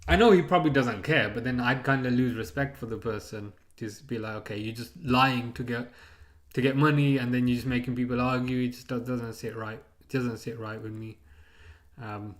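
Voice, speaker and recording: A man's voice: mid-range voice, moderate pace. A man streaming a live football watchalong, chatting casually and ranting with many restarts. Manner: rambling, excitable rants with repeated restarts.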